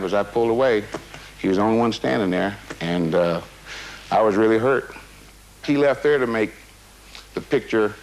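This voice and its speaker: A man's voice: on the low side, vocal fry, a little hiss or hum, poor audio. A man being interviewed, recounting a personal memory in a rambling, casual way with many fillers and restarts. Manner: casual, drops "man" into his talk.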